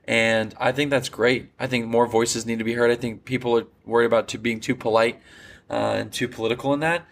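A man's voice: mid-range voice, fairly even intonation, fairly quick, vocal fry, a bit bright. A young man hosting a solo sports podcast, giving opinionated commentary in a rambling, casual way with many fillers and restarts. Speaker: podcast host.

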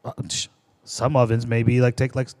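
Casual, profane podcast host. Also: male voice, mid-range voice, level tone, normal speed, darkish tone. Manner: profane, joking, gives cooking advice. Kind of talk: casual chat. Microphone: audio interface.

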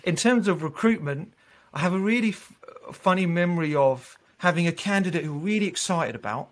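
Lively, laughing man telling stories. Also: high-pitched, a little fast. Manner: animated, laughing storyteller with many restarts. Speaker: recruiter. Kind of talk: casual storytelling interview.

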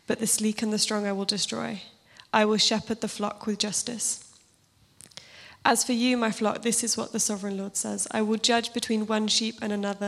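A woman with a slightly husky voice, speaking casually and then giving a steady scripture reading in a sermon. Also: mid-range voice. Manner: informal and self-deprecating, steady even reading. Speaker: church speaker.

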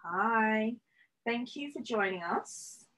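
A woman with an English accent hosts a casual podcast, taking her time and padding her sentences with fillers. Her pace is slow and unhurried, and a faint hiss sits under the recording. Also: fairly high pitch, animated. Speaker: podcast host.

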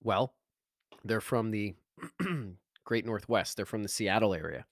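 Energetic middle-aged male podcast host, motivational monologue, emphatic, very dry recording. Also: lowish voice, unhurried, dry recording. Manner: energetic, emphatic, repeats phrases for effect.

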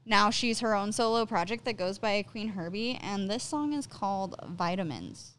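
A woman's voice: medium pitch, expressive, moderate pace, a bit bright. A young woman hosting a podcast, talking casually with lots of fillers and swearing freely. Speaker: podcast host. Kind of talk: casual chat.

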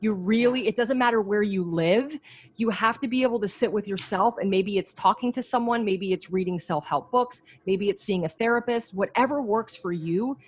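A woman's voice: medium pitch, moderate pace, husky. A woman in a casual chat, earnestly sharing advice from her own experience and swearing now and then.

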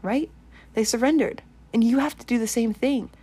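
A woman's voice: on the high side, normal speed, mellow, breathy edge. A woman giving an earnest, rambling online sermon, repeating her points and leading a prayer. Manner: earnest, repetitive, rambling exhortation. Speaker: online preacher.

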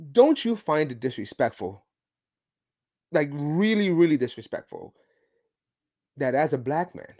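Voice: medium pitch, darkish tone. A podcast host delivering opinionated solo commentary in a sarcastic, mocking way, with emphatic outbursts. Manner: sarcastic, mocking, chuckling asides.

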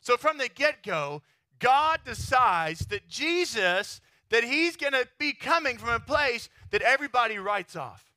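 A pastor from Texas preaching a sermon in a lively, chatty way, often checking in with his listeners. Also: extremely high pitch, a little slow, no room sound, clean studio sound. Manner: animated, chatty, keeps asking the crowd "right?".

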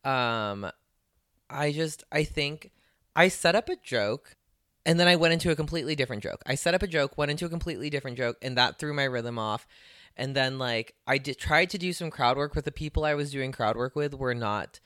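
A woman co-hosting a podcast, a stand-up comedian chatting casually and telling animated stories. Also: a bass voice, brisk, dry recording, clean studio sound. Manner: chatty, animated storytelling with voiced asides. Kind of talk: casual chat.

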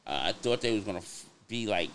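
A man's voice: lowish voice, expressive, fast, fairly bright tone, slight background noise. A man co-hosting a casual podcast chat in a laid-back, agreeable way. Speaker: podcast co-host.

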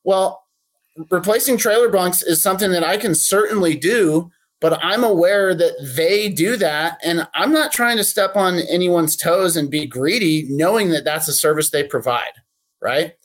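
Friendly practical man, slightly high voice. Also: moderate pace. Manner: friendly, practical, talks in long runs with fillers. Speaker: boat detailer. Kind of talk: casual podcast interview.

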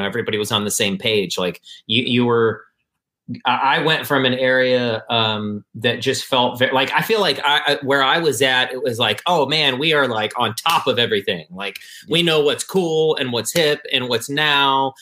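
A man's voice: mid-range voice, pushed and bright. A man from Michigan, a guest musician, talking casually and rambling with lots of fillers. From Michigan, USA. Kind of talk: casual interview chat.

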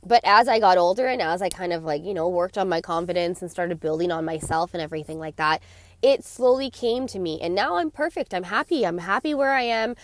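A woman's voice: on the low side, expressive, brisk, dry recording. A young woman talking casually about confidence, chatty, laughing often and acting out little scenes in quoted voices. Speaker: vlogger giving confidence advice. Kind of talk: casual talk to camera.

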